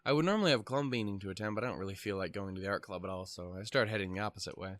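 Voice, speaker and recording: A man's voice: lowish voice, very fast, dry recording. A man hosting a let's play, reading a visual novel aloud and breaking off into rambling, profane, self-mocking commentary.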